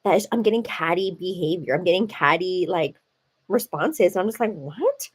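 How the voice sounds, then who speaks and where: A husky, fairly low-pitched woman's voice carries along at a moderate pace. She's hosting a live stream while seated at home, telling an animated, chatty story heavy on "like" and "you know."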